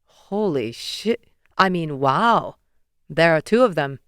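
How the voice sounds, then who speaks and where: A blunt, impulsive young man, voiced by a woman narrator jumps in eagerly. The tone is smooth and the room dry. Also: deep voice, expressive, fairly bright tone, dry recording, full character voice. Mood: wry. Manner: blunt, eager, quick to speak up.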